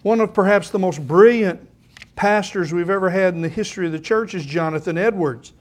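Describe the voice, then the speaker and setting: Older pastor with a high voice. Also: male voice, brisk. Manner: conversational preaching that swells into emphatic scripture reading. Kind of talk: sermon.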